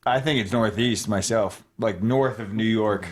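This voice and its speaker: A young man as a guest on a casual talk show, relaxed and quick to answer. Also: on the low side. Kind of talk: casual podcast chat.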